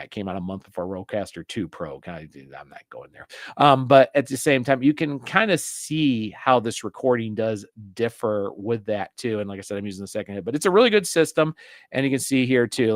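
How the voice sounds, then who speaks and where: A man's voice: medium pitch, expressive, fairly quick, dry recording, clean studio sound. A man casually reviewing an audio mixer, rambling and chatty as he demonstrates it into a desk mic. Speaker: gear reviewer. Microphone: desk mic through a mixer.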